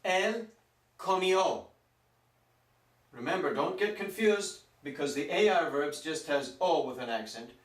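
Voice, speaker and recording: A man teaching a Spanish grammar lesson, speaking slowly and stretching out words to show their pronunciation. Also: a little high, expressive. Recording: roomy echo, mic some distance off.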